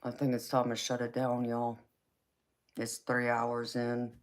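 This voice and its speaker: A woman's voice: a bass voice, completely flat delivery, unhurried. A middle-aged woman with a Southern US accent, hosting a casual live chat and calling viewers "baby" affectionately. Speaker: tarot reader and livestream host.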